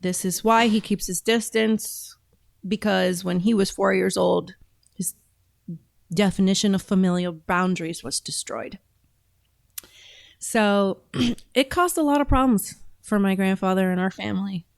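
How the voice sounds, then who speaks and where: A woman's voice: medium pitch, unhurried, vocal fry, dry recording. A woman hosting a casual commentary show, reacting to video clips in a chatty, emphatic way. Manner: chatty, emphatic, talks with her mouth full at times.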